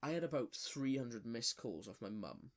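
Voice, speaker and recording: A man's voice: medium pitch, animated, moderate pace. A young man telling a story on a casual podcast. He rambles with plenty of filler words and swears freely as he goes. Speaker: podcast co-host.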